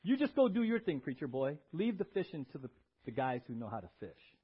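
A man's voice: mid-range voice, wildly swooping pitch, normal speed, breathy edge, pitched below the performer's own voice. A man voicing a tired, irked fisherman who grumbles and talks down to a newcomer. He mocks with a dismissive edge. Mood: cranky. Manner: grumbling, mocking. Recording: dull lo-fi recording.

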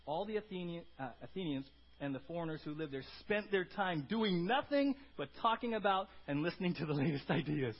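Husky man preaching a casual sermon. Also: on the high side, animated, fairly quick, dull audio. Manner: conversational, frequent "right?" tags, swings from loud emphasis to quiet asides. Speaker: pastor.

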